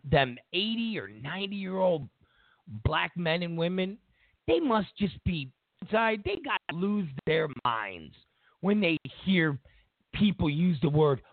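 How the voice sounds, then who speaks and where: Animated high-voiced male host, tinny audio. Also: unhurried, no room sound. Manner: animated, mocking rant. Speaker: show host. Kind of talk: opinionated political commentary. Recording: tinny phone-like dry audio.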